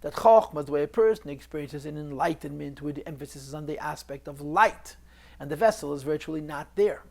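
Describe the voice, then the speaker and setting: A Torah teacher leads a recorded class on a Chassidic text, working through it step by step, repeating key phrases and weaving Hebrew and Yiddish terms into his English. His voice is on the high side, brisk and creaky, with a darkish tone.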